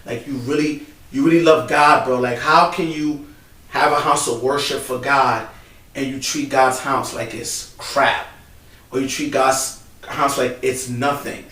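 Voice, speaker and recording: A man's voice: medium pitch, fairly even intonation, a little slow, pushed and bright. Heartfelt man talking from across a roomy hall. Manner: emotional, heartfelt, repeats "bro" and "man". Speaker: co-host. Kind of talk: casual chat. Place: large church building. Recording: roomy, distant mic, faint background noise.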